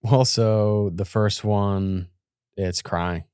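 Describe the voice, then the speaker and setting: A man's voice: on the low side, fairly even intonation, drawn-out words, darkish tone, clean tone, no room sound, studio quality. A man in his thirties hosting an interview, laid-back and casual, swearing now and then. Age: 30s. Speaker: podcast host.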